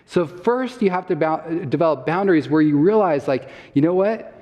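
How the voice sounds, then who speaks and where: A man's voice: fairly high pitch, expressive, normal speed, a little mellow, lo-fi sound. A man giving a health talk to a live audience, quizzing the listeners and laughing often as he explains. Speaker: health summit speaker. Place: church hall. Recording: long reverb from a church hall.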